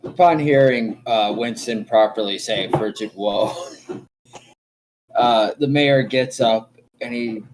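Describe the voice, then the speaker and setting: A man's voice: mid-range voice, background noise. A man narrating as game master in a casual tabletop game session. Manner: slow, loose narration with fillers.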